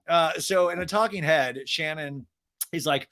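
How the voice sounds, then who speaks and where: A man hosting a podcast, recapping reality TV in an animated, profane, rambling way. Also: fairly high pitch, unhurried. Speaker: podcast host.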